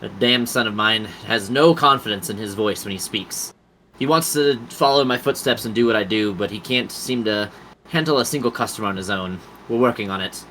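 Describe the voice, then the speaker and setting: A man voicing a shrewd, proud middle-aged shopkeeper who speaks bluntly and briskly in a tabletop game. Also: fairly low pitch, bright, forceful tone, a little hiss or hum, rough recording. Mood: gruff.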